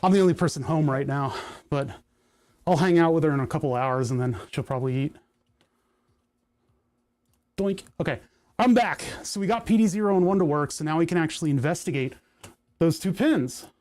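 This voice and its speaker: A man with a fairly high voice chats through a hardware project on a livestream. He rambles, talks to himself, reads chat aloud and jokes at his own expense. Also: a little fast, pauses often, darkish tone. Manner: rambling, self-mocking, thinks aloud. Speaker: livestream host. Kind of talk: casual live coding chat. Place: home workshop.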